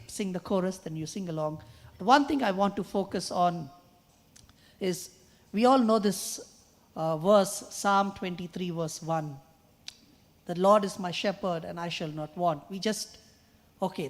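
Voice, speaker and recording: A man with a high, soft voice often mistaken for a woman's. He preaches earnestly to a young audience, weaving stories and repeating a refrain. The sound carries the long reverb of a large hall. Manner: earnest, storytelling, with quoted refrains. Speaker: guest musician and speaker. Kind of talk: sermon-style talk to a youth audience. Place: large hall at a choir festival.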